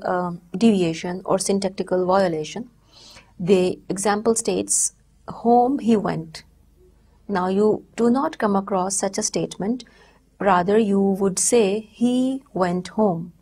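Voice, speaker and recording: A woman giving a recorded university lecture, explaining step by step in a measured way with frequent pauses. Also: mid-range voice, warm tone, breathy edge.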